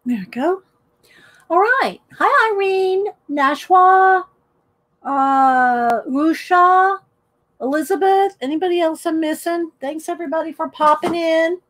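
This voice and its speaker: Middle-aged woman host, high voice, unhurried, chatty live-stream greeter. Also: a bit bright. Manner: chatty, greets viewers by name. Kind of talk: casual live-stream chat while coloring.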